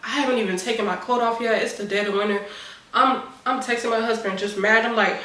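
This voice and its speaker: A young adult woman vlogger telling a personal story to her viewers in animated, casual chat. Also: on the high side, fairly quick. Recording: roomy echo, voice a bit far from the mic.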